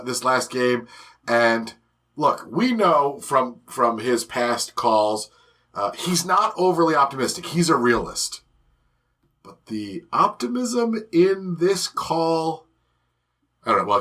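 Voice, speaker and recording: Podcast guy riffing, bright punchy voice, joking around. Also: medium pitch. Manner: animated, joking. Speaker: podcast co-host. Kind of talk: casual chat.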